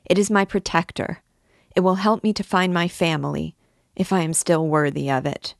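Woman voicing an ardent young dancing girl, low and gravelly, slow pleading delivery. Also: fairly even intonation, darkish tone, dry recording, clean studio sound. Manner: pleading, lovestruck.

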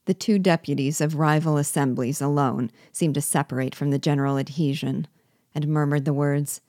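A woman reading a classic novel aloud in a measured, even storytelling manner. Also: low voice, no echo, clean studio sound. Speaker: narrator.

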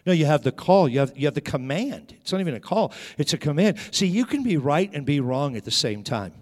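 Here the middle-aged preacher sounds a little high and sing-song, with a darkish tone and a slightly quick delivery. He tells stories from the pulpit, repeatedly starting over, all inside a long, reverberant hall.

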